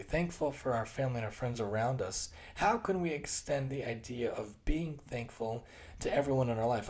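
An earnest man in his thirties hosts his own solo talk, speaking at a mid-range pitch. He keeps the tone casual and conversational. He often circles back to repeat and rephrase what he just said. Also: a little mellow. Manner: acts out quoted voices with shifts in tone. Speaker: occupational therapist and podcast host.

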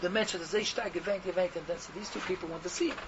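A man's voice: high-pitched, very fast, a loud crowd. A man telling a Hasidic tale in a rambling, repetitive way. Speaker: storyteller. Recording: dull recording with steady noise.

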